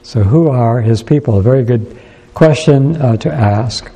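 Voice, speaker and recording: A man preaching a sermon in a church, unhurried and thoughtful, pausing often and restarting his sentences. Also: mid-range voice, warm tone, husky, low-quality recording.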